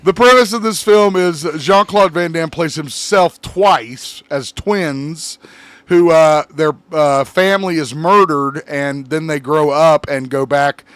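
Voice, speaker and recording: Chatty podcast host, dry close sound. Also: male voice, fairly high pitch, takes it slowly, fairly bright tone, clear, resonant tone, no room sound. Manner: loose and rambling, many fillers and restarts. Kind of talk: casual chat.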